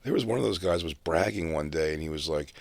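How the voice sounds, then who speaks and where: A man with a very low voice tells loose, profane stories in an offhand podcast chat. The recording is dry and close, with no room sound. He rambles and laughs as he goes. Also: fast talker, vocal fry, no echo. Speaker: podcast co-host. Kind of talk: casual storytelling chat.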